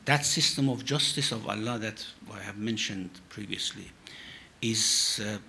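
A man, a sheikh, answering questions in a religious teaching session with measured, emphatic phrasing. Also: lowish voice, gravelly, pushed and bright, a little hiss or hum.

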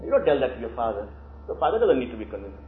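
A man teaching a religious lesson on scripture, animated and acting out the quotes he explains. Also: mid-range voice, very fast, roomy sound. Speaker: teacher of Quran commentary. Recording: tinny phone-like line, faint hiss.

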